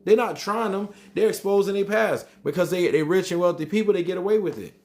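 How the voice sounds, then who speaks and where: A man's voice: high-pitched, brisk, a little mellow. A man hosting a live stream, reading chat comments aloud and arguing back with emphatic repetition. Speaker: livestream host reading chat.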